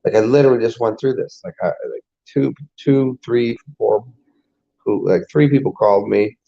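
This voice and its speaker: Warm-toned with some vocal fry, this medium-pitched man talks at normal speed as a casual spiritual vlogger. His monologue rambles, swears, and restarts often, and the recording is dull lo-fi.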